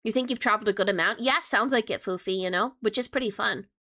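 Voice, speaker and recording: A woman's voice: mid-range voice, quick pace, bright, forceful tone. A young woman streamer chatting casually with her viewers, playful and teasing as she answers questions.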